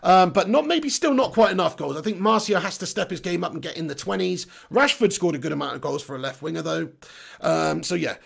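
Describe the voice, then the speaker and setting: Young male host, hoarse and raspy, matey and blunt, a higher voice with fry. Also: lively intonation, fairly quick. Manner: chatty, matey shout-outs, blunt opinions. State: hoarse, voice going. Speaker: football channel host. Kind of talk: casual live-stream chat, reading viewer comments.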